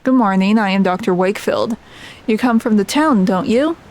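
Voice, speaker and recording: A woman reading out the lines of a stern male doctor from a game, quickly and plainly, in her own voice. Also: medium pitch, a little mellow, lightly acted. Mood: warning. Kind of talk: reading game dialogue aloud.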